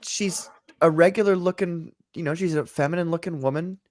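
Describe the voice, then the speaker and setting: A man co-hosting a casual podcast, animated and swearing freely as he talks. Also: on the high side, a little fast. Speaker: podcast co-host. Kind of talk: casual chat.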